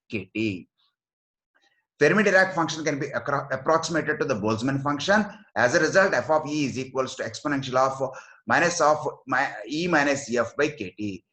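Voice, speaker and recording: A man's voice: medium pitch, a bit bright. A man giving a recorded physics lecture, explaining step by step and reading out formulas.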